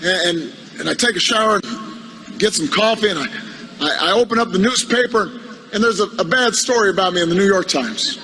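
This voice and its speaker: A man, a politician, telling a humorous anecdote in a speech, halting and repeating words with a wry storytelling manner. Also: high voice, sharp tone, a little hiss or hum, low-quality recording.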